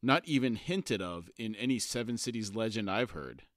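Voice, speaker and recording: A man voicing a calm, cool-headed young woman who speaks in a level, matter-of-fact way. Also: on the low side, normal speed, no echo, clean studio sound.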